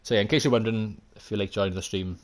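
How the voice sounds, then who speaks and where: Welsh male streamer, lowish voice, chatty running commentary, self-deprecating asides to viewers. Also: fairly even intonation, rapid-fire. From Wales. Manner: thinks aloud, chatty, self-mocking, answers chat. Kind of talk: live gameplay commentary.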